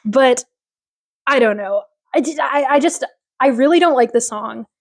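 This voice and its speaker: Chatty higher-voiced woman podcast host. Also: moderate pace. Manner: opinionated, rambling, lots of fillers. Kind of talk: casual chat recapping a TV episode.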